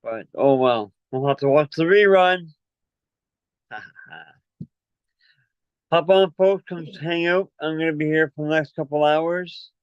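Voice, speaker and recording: A male livestream host, winded from running up and down the stairs, chats and rambles casually while promoting merch. His voice sits on the high side with a clean tone and an unhurried pace. The call audio is dull and lo-fi, with no room sound.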